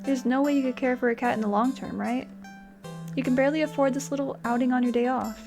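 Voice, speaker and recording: A woman's voice: high voice, steady tone, fast talker, gravelly, music in the background. A young woman playing a video game, reading its narration aloud dramatically and chatting in between with hesitant fillers. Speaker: game streamer. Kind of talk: let's play, reading game text aloud.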